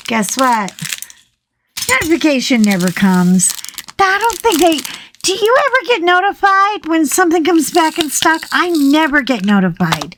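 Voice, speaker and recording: A woman chatting casually as she colors, telling a story with animated, exasperated swings in her voice. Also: high-pitched, measured pace, a little hiss or hum. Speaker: coloring vlogger. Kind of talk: casual chat while coloring.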